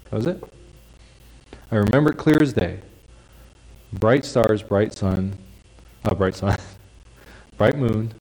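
A male preacher giving a sermon in a conversational, explanatory way, dropping into soft hushed tones for quiet phrases. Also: on the low side, slow pace, pauses often, rough recording. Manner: conversational, drops to a soft hush for quiet lines.

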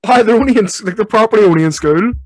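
A man's voice: high voice, racing. Laughing young man. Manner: laughs a lot, rambling. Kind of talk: casual chat.

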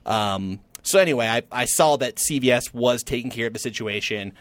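A man's voice: mid-range voice, normal speed, no room sound. Man telling a story on a podcast. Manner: animated anecdote-telling, self-deprecating. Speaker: podcast co-host. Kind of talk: casual chat, storytelling.

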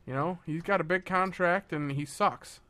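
A man's voice: sits high, normal speed, bright, forceful tone. A man co-hosting a casual podcast chat, ranting and swearing freely. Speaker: podcast co-host.

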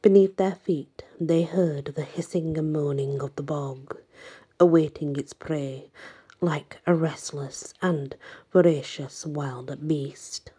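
A woman reading a folk legend aloud in a dramatic way, often sinking to a breathy whisper. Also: low voice, fairly even intonation, slow, dark tone. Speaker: narrator.

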